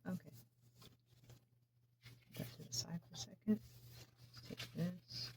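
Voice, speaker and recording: A woman chatting casually while she does crafts, soft-spoken and a little mumbly. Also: on the low side, steady tone, a little slow, vocal fry, slight background noise. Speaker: crafting vlogger.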